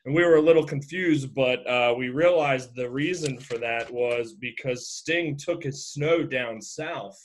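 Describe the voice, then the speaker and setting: Casting note: male podcast co-host, casual rambling recap, mid-pitch. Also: unhurried, hardly any pauses. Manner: rambling, many fillers and restarts.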